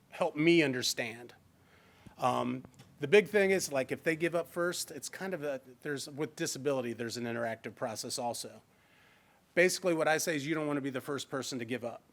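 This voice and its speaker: In a library meeting room, a Midwestern American man leads a live fair housing training presentation. His slightly high, somewhat bright voice moves briskly and conversationally, and he drops into quoted lines as examples.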